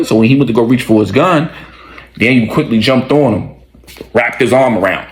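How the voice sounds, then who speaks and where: A man casually telling a story, slangy and conversational, with animated retelling. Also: medium pitch, moderate pace, background noise.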